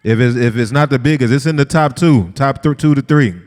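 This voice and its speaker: Animated man teaching in a reverberant hall. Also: medium pitch, a little fast. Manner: lively, talks straight to the group, asks them questions. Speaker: Bible study teacher. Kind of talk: conversational sermon-style lesson.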